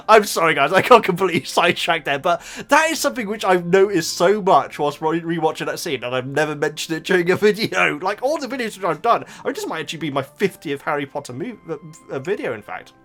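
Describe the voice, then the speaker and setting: A man's voice: on the high side, animated, fairly quick, a bit bright, soft background music. A man chatting casually and rambling with enthusiasm as he reviews a book, laughing often. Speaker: YouTube reactor.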